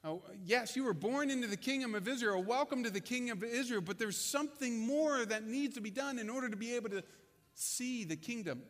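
A preacher doing a calm, patient Jesus in a high, light voice, speaking gently and low as he explains. The sound rings with the long reverb of a big hall. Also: fairly quick.

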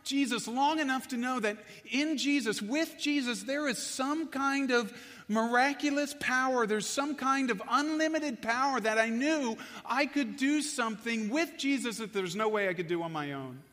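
A man's voice: very high-pitched, moderate pace, bright, forceful tone, voice pushed up. A man preaching, voicing the apostle Peter as an earnest figure who urges his listeners and repeats himself. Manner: earnest, pleading, repeats words. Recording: long echo of a large hall.

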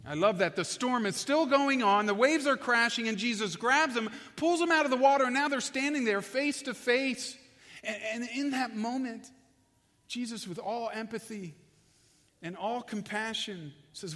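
A man preaching a sermon with passion, building in loudness and then dropping to a hush. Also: very high-pitched, moderate pace. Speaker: pastor. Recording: long echo of a large hall.

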